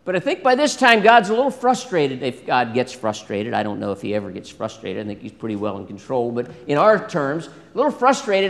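Male pastor, high and animated, gravelly edge, long church reverb. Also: brisk, few pauses. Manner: animated, acts out biblical dialogue, asks congregation questions. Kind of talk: sermon.

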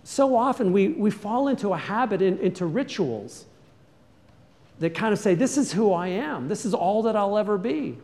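A man with a high voice preaches a sermon, asking his listeners questions and then pressing them with short, urgent commands. His words ring out with a long reverb inside a church. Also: big pitch swings, normal speed, a little mellow. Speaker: pastor.

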